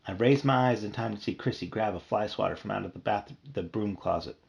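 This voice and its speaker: A man's voice: fairly low pitch, a little fast, gravelly, muffled recording. A man reading a children's horror book aloud, narrating expressively. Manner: expressive storytelling. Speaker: reader.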